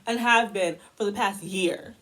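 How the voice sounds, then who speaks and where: A woman's voice: mid-range voice, unhurried, fairly bright tone, rough recording. A young woman from the United States delivering a heated, exasperated commentary rant as a vlogger.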